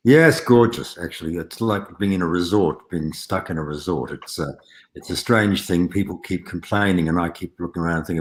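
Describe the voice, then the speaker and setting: Low-voiced cheerful older man. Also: normal speed. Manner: cheerful, laughing. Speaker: guest actor. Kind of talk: video call interview.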